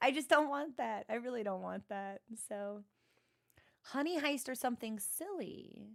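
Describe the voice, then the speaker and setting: A woman's voice: a little high, lively intonation, measured pace, gravelly. A young woman streaming and chatting with viewers, rambling and self-deprecating, often restarting her sentences. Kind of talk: casual chat with stream viewers.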